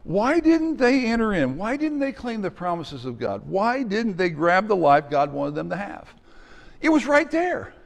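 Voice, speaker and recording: Animated high-voiced man preaching. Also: measured pace, creaky, big-room sound. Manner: animated, acts out voices and shouts. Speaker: pastor. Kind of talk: sermon. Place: church sanctuary.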